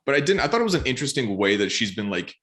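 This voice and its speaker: A man co-hosting a podcast, musing about a book in a hesitant, casual way with many pauses and fillers. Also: medium pitch, sing-song, a bit bright. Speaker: podcast co-host.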